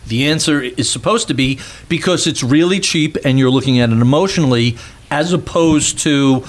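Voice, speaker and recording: Higher-voiced man, blunt podcast guest. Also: normal speed. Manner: blunt, emphatic. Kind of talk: casual podcast conversation.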